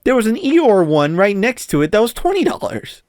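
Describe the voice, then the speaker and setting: A man's voice: high-pitched, huge pitch swings, moderate pace, darkish tone, no room sound, studio quality. A man co-hosting a podcast, ranting in casual chat and swearing a lot. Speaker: podcast co-host.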